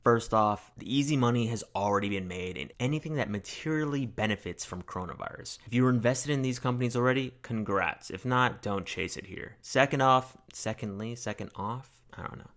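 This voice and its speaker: A man's voice: mid-range voice, brisk, few pauses, a bit bright. A young man hosting his own finance channel, talking in a wry, self-mocking way with jokey asides. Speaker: finance YouTuber. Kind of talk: casual scripted monologue.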